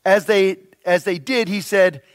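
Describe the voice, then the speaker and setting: A man's voice: high-pitched, unhurried. A pastor preaching a casual sermon. He reads scripture aloud and keeps asking "right?" between wry asides. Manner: conversational, asks "right?" often, adds wry asides.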